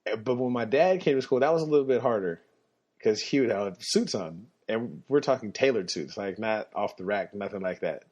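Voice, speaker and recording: A man hosting a podcast, telling personal stories in a casual, animated way and chuckling as he goes. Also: normal speed. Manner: animated, chuckling, jumps up in pitch when quoting people. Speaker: podcast host. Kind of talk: casual storytelling monologue. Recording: slightly muffled lo-fi podcast audio.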